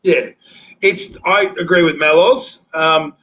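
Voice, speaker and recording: Man, live-stream host, blunt, swears, halting, slightly high voice. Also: fairly bright tone, low-quality recording. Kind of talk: casual chat.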